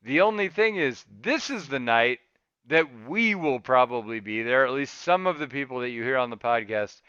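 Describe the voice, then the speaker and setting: Bright, clear-voiced podcast host. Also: male voice, medium pitch, expressive, moderate pace, dry recording, muffled recording. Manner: rambling, laid-back. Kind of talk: casual chat. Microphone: podcast mic.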